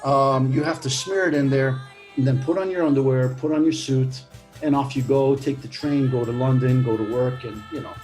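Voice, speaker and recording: A man's voice: mid-range voice, normal speed, darkish tone, faint music behind. A man co-hosting a casual podcast, talking in a playful, teasing way with lots of fillers. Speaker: podcast co-host.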